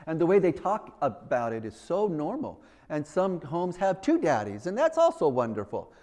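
A man's voice: fairly high pitch, huge pitch swings, moderate pace, few pauses, a little mellow. A man preaching a sermon in an earnest way, often repeating himself and acting out little conversations.

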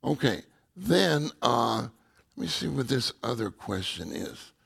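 A man's voice: mid-range voice, sing-song, a little slow, creaky, a bit bright, husky. A man ministering at a church meeting, answering questions and telling personal stories in a reflective, conversational way with many fillers. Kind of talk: informal sermon with personal stories.

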